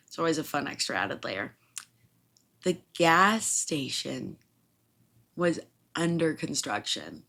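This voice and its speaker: A woman in her twenties, a podcast host from Illinois, telling a story in a casual, animated way, laughing and swearing freely. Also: low-pitched, vocal fry.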